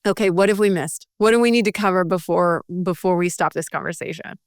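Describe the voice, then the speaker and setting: A woman's voice: fairly low pitch, a little fast, smooth, no echo, clean studio sound. A woman hosting a podcast interview, asking questions and affirming her guest. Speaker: podcast host. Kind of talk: conversational interview.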